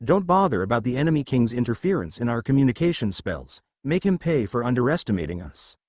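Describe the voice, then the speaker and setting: A man's voice: mid-range voice, sing-song, fast, a little mellow, no room sound. A man voicing a tense young woman army commander who barks orders and snaps back with retorts.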